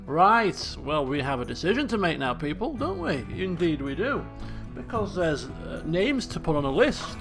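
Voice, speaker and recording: A man's voice: fairly high pitch, big pitch swings, moderate pace, creaky, few pauses, music in the background. A man streaming a colony sim game live, chatty and thinking aloud while talking to his chat. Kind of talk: casual live game commentary.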